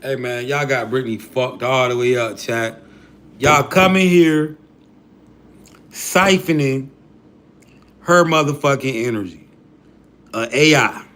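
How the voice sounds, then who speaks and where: A man's voice: mid-range voice, slow, long pauses, fairly bright tone. A man hosting a livestream who preaches in a casual, profane rant full of slang and hype. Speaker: livestream host.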